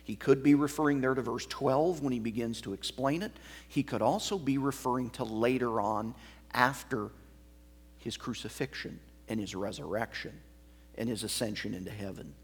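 A man preaching an expository sermon as pastor, explaining a passage line by line in a measured teaching manner. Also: mid-range voice, breathy edge.

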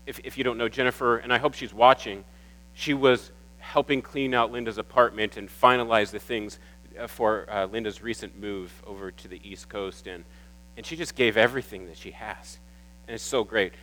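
A man preaches to his congregation in a bright, forceful voice of middling pitch. He talks warmly and gets emotional, often stumbling over and repeating his words. A faint mains hum sits under the recording. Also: poor audio. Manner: warm, emotional, getting teary at times. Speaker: pastor. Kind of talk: sermon. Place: church.

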